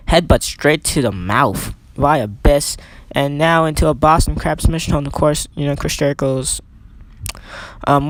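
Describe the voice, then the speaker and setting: A young man doing casual play-by-play commentary over a wrestling video game, rambling and correcting himself with chatty asides. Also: mid-range voice.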